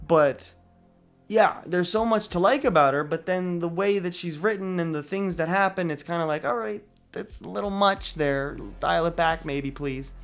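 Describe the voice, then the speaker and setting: A man giving a casual spoken movie review, talking loosely with restarts and fillers. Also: fairly high pitch. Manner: conversational, many restarts and fillers.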